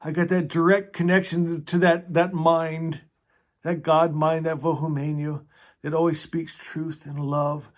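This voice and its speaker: A man hosting a casual book club, talking earnestly and emotionally, often stumbling over restarts and sinking into a soft hush. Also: a little high, flat delivery, unhurried. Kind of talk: casual book discussion with read-aloud passages.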